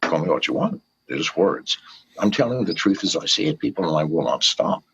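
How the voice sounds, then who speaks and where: Gravelly older man ranting fiercely. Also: low-pitched, very animated, a little fast, a bit bright. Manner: profane, fiery, pleading with listeners. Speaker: interview guest. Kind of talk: impassioned rant in an interview. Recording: dull lo-fi recording.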